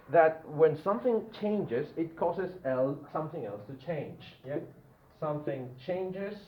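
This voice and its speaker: A man teaching a grammar lesson to a classroom, often checking in with the students with "yeah?". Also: medium pitch. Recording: echoey room, tinny phone-like sound, faint noise.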